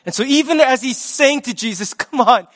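A male pastor giving a sermon in a conversational, lively manner with sports talk. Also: very high voice, fairly quick.

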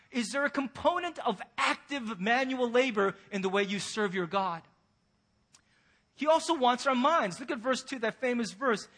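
High, bright-voiced preaching pastor. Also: male voice, animated, moderate pace. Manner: earnest, preaching with pointed rhetorical questions. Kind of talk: sermon.

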